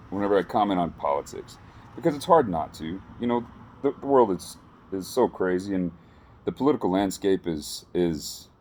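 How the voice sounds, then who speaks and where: A man with a deep, mellow voice talks loosely to his audience. He rambles, restarts his sentences and sounds earnest rather than polished. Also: slight background noise. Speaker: vlogger sharing political opinions. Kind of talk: casual spoken commentary to camera.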